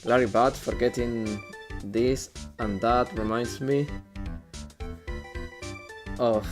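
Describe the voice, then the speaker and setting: A man streaming a game in casual commentary, hoarse from a sore throat and clearing his throat often. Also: medium pitch, steady tone, slow. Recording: game music playing behind.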